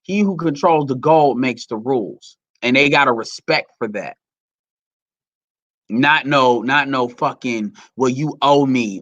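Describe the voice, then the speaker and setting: A man's voice: medium pitch, pushed and bright, dry recording. A man giving heated, profane, rambling commentary to his audience. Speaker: commentary vlogger.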